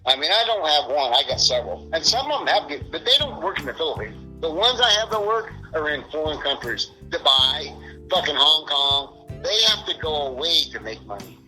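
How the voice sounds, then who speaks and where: A man's voice: fairly high pitch, sing-song, normal speed, sharp tone, soft background music, low-quality recording. A middle-aged man being interviewed, talking in a rambling, profane, frustrated way. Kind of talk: casual interview.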